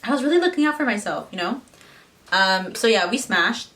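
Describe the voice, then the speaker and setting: A woman's voice: mid-range voice, lively intonation, brisk, fairly bright tone, recorded from a distance. A young woman in her twenties, chatting casually to camera as a vlogger, swearing freely and slipping into the voices of the people in her story. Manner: chatty, swearing, mimics others in quotes.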